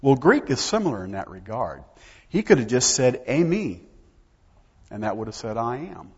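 A male pastor preaches a sermon in a church sanctuary, emphatic and full of rhetorical questions for his congregation. His mid-range voice is sing-song, a little fast, a little mellow and slightly rough, and the sound is dull with long hall reverb.

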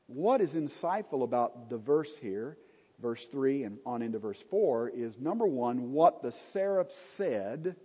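A man teaching a Bible study, unhurried and emphatic, with conversational asides. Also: mid-range voice, dark tone, slightly rough. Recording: dull lo-fi recording in a reverberant hall.

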